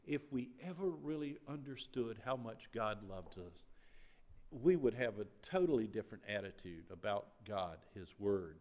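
A man preaching a sermon as pastor, swinging between loud and quiet passages. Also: lowish voice, expressive, moderate pace. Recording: long reverb of a large hall.

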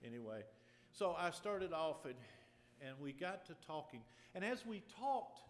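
A man's voice: on the high side, very animated, slight background noise. Earnest preaching man in a reverberant hall. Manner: earnest, deliberate preaching with repetition. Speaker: pastor. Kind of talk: sermon with personal storytelling. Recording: long reverb of a large hall.

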